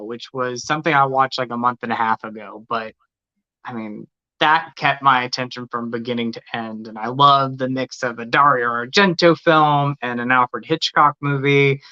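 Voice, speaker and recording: An enthusiastic man co-hosting a podcast, with a bright, crisp voice. He talks freely in a casual chat. The audio is a little dull and lo-fi. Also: mid-range voice. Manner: enthusiastic, quick to praise. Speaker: podcast co-host.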